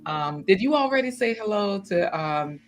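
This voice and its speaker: A woman hosting a garden livestream in casual chat, animated and chatty, breaking into laughter often. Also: mid-range voice, moderate pace, music in the background.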